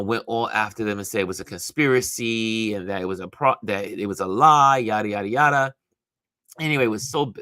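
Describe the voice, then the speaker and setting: A talkative man hosting a live online show, loose and conversational, breaking off to greet viewers. His voice sits on the low side and is recorded close and dry, with no room sound around it. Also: a bit bright, no room sound. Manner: chatty, greets viewers by name, many restarts. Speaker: livestream host. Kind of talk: casual live-stream commentary.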